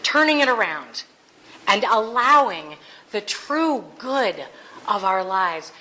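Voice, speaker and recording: A woman's voice: mid-range voice, sing-song, slow, bright, forceful tone, low-quality recording. A woman preaching a conversational Sunday sermon, earnest with playful asides. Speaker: minister.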